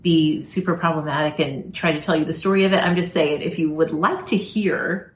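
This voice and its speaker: A woman co-hosting a podcast, talking in a chatty, quick way and giggling often. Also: sits low. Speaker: podcast co-host. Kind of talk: casual chat. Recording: roomy echo.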